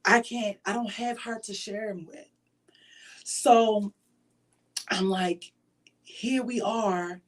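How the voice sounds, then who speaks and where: A woman's voice: medium pitch, steady tone, slow pace, pauses often. A woman hosting her own show, talking earnestly and from the heart to the camera in a casual, faith-driven way, with frequent fillers. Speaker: show host. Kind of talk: personal talk to camera.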